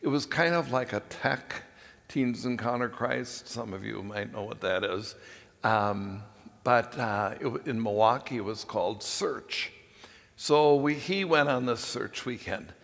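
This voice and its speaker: An older priest tells a long personal story from the pulpit, folksy and unhurried. He talks slowly at a middle pitch, with plenty of pauses. His voice rings through a large church with a long trailing echo. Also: gravelly, fairly bright tone. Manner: folksy, rambling anecdotes with frequent pauses.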